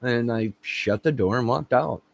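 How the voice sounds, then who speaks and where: A man with a gravelly, mid-range voice hosts his own channel, speaking at a measured pace. He tells a rambling comic anecdote to camera, laughing at his own jokes and acting out the quotes.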